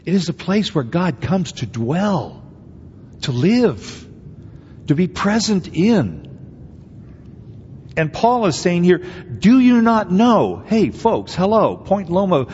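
A man's voice: sits high, very animated, takes it slowly, pauses often, a little mellow, a little hiss or hum. A man preaching a sermon as pastor, speaking emphatically and conversationally, with many rhetorical questions to the congregation. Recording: dull audio with long hall reverb.

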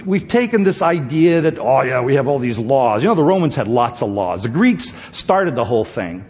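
A man preaching a sermon, emphatic and animated, dropping to soft asides and rising to loud points. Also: a little high. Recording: long hall reverb, dull lo-fi sound.

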